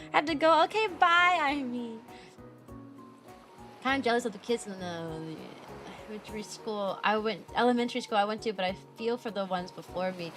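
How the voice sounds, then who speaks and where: A woman's voice: mid-range voice, moderate pace, faint music behind. A young woman streaming casually as a VTuber, talking energetically and playfully and breaking into silly voices and barks. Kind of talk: casual livestream chat.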